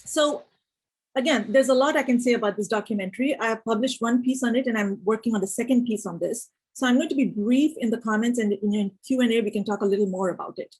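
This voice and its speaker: Woman lecturer, husky voice, measured academic talk with fillers. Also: on the high side, a little mellow, low-quality recording. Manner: thoughtful, with frequent "you know" fillers. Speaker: speaker giving an academic lecture.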